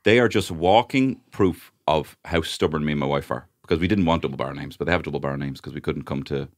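A man's voice: very deep voice, fast. A middle-aged man, co-hosting a comedy podcast in casual chat and rambling with many fillers as he searches for words. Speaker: podcast co-host.

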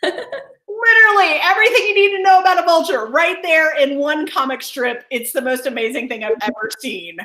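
A woman's voice: high-pitched, moderate pace, bright, forceful tone, echoey room. A woman wildlife educator giving an enthusiastic online presentation over a video call, often laughing as she explains.

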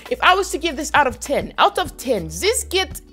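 A woman's voice: high-pitched, very animated, moderate pace, pushed and bright, soft background music, pitched above the performer's own voice, exaggerated voice. A woman putting on a foreign accent and broken English to play a boastful, self-proclaimed fashion stylist. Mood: gushing. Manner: haughty, in a put-on foreign accent. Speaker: vlogger. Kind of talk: comedic persona sketch.

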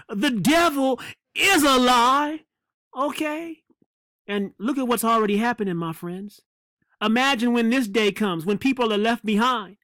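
A man preaching a fiery sermon, emphatic and repeating phrases for effect, with drawn-out dramatic stresses. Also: very high-pitched, sharp tone, no room sound.

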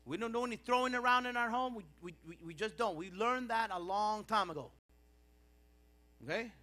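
A middle-aged man preaches a sermon in a church, his voice sitting very high and ringing with a bright, sharp edge. He swings between quiet, reflective stretches and loud, impassioned bursts. A low mains hum runs under the recording. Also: moderate pace. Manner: impassioned preaching with rising and falling intensity. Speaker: pastor.

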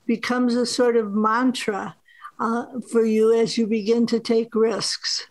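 A woman author teaching a master class at a film festival, speaking in a measured way with frequent "uh" fillers. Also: on the high side, level tone, dry recording, rough recording. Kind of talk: workshop talk.

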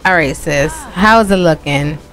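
A woman's voice: sits low, normal speed, fairly bright tone, faint music behind. A woman hosting a gaming channel, chatting casually through her gameplay, cursing freely and addressing her viewers directly. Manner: chatty, profane, talks to viewers as "y'all".

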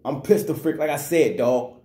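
A man's voice: fairly high pitch, moderate pace, mellow, roomy sound. Angry man ranting about football. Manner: angry, repetitive, slangy. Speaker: sports vlogger. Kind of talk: fired-up sports rant.

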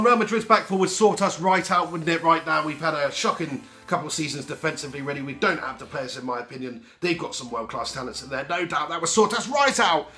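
A young man with a heavy head cold hosts a casual question-and-answer vlog, full of lively, sweary banter. His voice sits a little high and sounds sharp and bright. Faint music plays behind him. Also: a little fast, hardly any pauses. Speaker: football fan vlogger.

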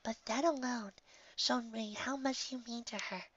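A woman voicing a gentle, motherly female pegasus pony, speaking in a soft, breathy near-whisper, in a slightly muffled lo-fi recording. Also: on the high side, fairly even intonation, measured pace, pitched above the performer's own voice. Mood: tender, tearful.

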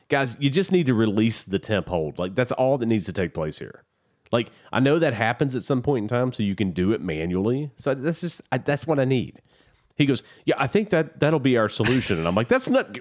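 A podcast co-host with a mid-range voice tells a story fairly quickly in casual chat, animated and profane.

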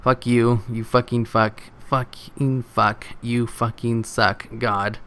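A furious young gamer guy, as a man acts him out, shouting and swearing in a repetitive rant. His voice is pushed higher than normal and drawn out. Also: little pitch movement, slow pace, smooth. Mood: angry. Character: foul-mouthed, enraged young male online gamer.

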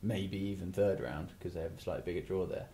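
In casual chat on his talk show, an English podcast host rambles with plenty of asides, restarts and "you know"s. He talks fast in a low voice with a dark tone.

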